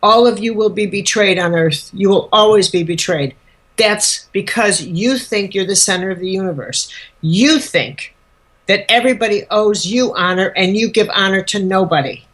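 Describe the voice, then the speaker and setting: A calm, defiant religious teacher who speaks with blunt authority and easy forgiveness, as a woman puts him on in her own mid-pitched voice. He talks in short, commanding sentences. The delivery is unhurried and firm. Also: close to an everyday voice. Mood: stern.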